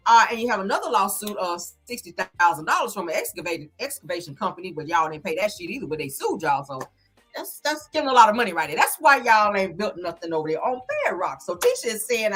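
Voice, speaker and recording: A woman's voice: medium pitch, very animated, fast talker, a bit bright, husky, faint music behind. A woman hosting a casual live-stream recap, talking straight to her viewers in a blunt, profane and sassy way. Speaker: reality show reviewer on a live stream.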